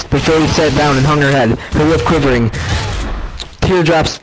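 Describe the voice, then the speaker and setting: A man's voice: fairly high pitch, steady tone, a little fast, background noise. Man reading a story, stumbling over words. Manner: stumbling, self-correcting reading. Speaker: reader. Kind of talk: reading a fan story aloud.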